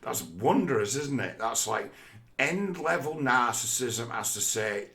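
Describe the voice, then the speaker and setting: A man's voice: mid-range voice, expressive, takes it slowly, fairly bright tone. A man in a casual, rambling monologue, swearing often and talking conversationally.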